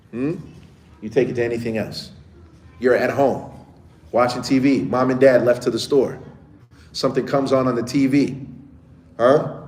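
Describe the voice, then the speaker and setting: A man's voice: medium pitch, darkish tone, a little hiss or hum. A man who is a teacher giving a casual lesson to children, often checking in with the class as he talks. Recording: echoey room with faint ambience.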